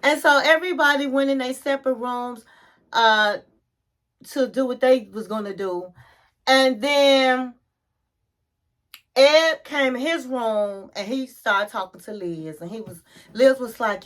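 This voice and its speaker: A woman's voice: high-pitched, measured pace. A woman recapping a reality show episode in a chatty, gossipy way, calling the listener honey.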